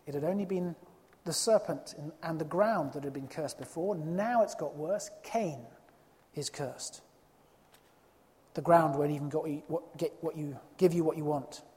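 A preacher giving an emphatic sermon, voice at a middling pitch, ringing out with a long hall reverb. The delivery is expressive and leans on rhetorical questions to drive points home. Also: unhurried.

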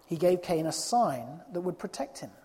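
A preacher delivering an emphatic, expressive sermon full of rhetorical questions. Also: mid-range voice, moderate pace. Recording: long reverb of a hall.

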